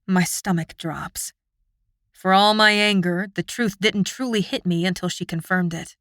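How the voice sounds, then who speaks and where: A woman's voice: mid-range voice, lively intonation, measured pace, fairly bright tone, no echo, clean studio sound. A woman reading a fantasy novel aloud in the first person, tense and earnest. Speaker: audiobook narrator. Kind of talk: scripted first-person narration.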